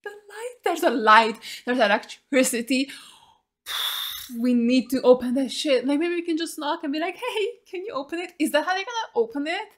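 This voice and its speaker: High-voiced excitable woman reacting. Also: moderate pace. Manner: excitable, swears freely, emotional. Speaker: reaction video host. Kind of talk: casual reaction commentary.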